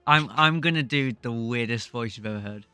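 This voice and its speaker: A man's voice: medium pitch, a little fast, bright, forceful tone, clear, resonant tone, no echo, faint music behind. A man co-hosting a podcast, thinking aloud in a rambling, casual way. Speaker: podcast co-host. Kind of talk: casual game discussion.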